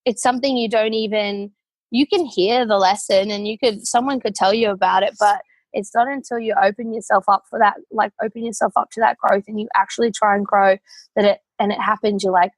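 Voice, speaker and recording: A young Australian woman speaking as a podcast guest, pouring out her story with heartfelt feeling and a stream of casual fillers. Her voice sits at an ordinary middle pitch for a woman. The sound is dry and close, with no room echo. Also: steady tone, a little fast. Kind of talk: casual interview.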